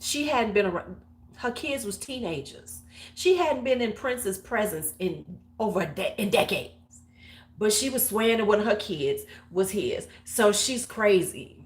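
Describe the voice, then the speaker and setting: A woman in her forties hosts a casual beauty livestream and slides into a long, gossipy tale. Her voice sits in an ordinary middle register, and her delivery is loose and frank. She keeps a lively, salty storytelling rhythm over a webcam mic. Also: mid-range voice, measured pace.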